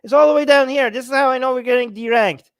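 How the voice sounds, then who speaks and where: Host: high-pitched man, dry close sound, heated ranting livestream reaction. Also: fast, clean tone, no echo. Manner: heated, ranting with rhetorical questions. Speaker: channel host.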